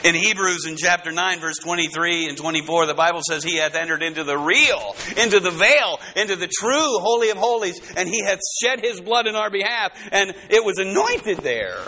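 A man preaching a sermon to his congregation, dramatic, swinging from loud emphasis to hushed tones. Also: high voice, normal speed, few pauses, low-quality recording. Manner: speaks straight to the congregation.

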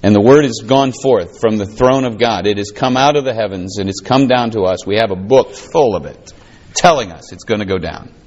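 A man's voice: on the low side, a little fast, a little mellow, lo-fi sound. A man preaching a sermon in a folksy, conversational way that builds to fervent emphasis. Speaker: pastor.

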